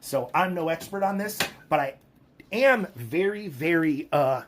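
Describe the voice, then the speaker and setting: In a casual monologue, a middle-aged man who vlogs tells stories bluntly and profanely, voicing the people he quotes. His pitch sits fairly high, and he's animated but measured in pace. The background is noisy.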